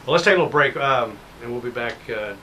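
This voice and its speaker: A man's voice: mid-range voice, expressive, fast, background noise. A man hosting a casual talk show interview, easygoing and often repeating words as he searches for them. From Lubbock, Texas.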